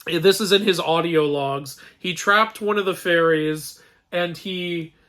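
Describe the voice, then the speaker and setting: A man's voice: on the high side, slow pace, bright, forceful tone. A man hosting a casual film review, sarcastic and exasperated, laughing often and restarting his sentences. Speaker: mythology channel host reviewing a film.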